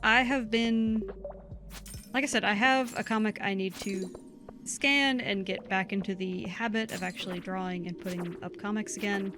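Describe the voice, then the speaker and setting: A woman's voice: medium pitch, fairly even intonation, moderate pace, over music. Chatty woman with a Southern US accent. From southern United States. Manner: chatty and rambling, reading chat aloud. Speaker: co-host of a game livestream. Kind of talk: casual livestream chat.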